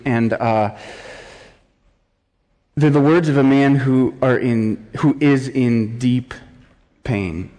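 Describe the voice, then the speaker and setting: A man preaching a sermon as pastor, building from quiet gravity to impassioned cries when he reads laments aloud. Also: medium pitch. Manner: impassioned, rising to near-shouts when reading laments. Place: church sanctuary. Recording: long church hall reverb.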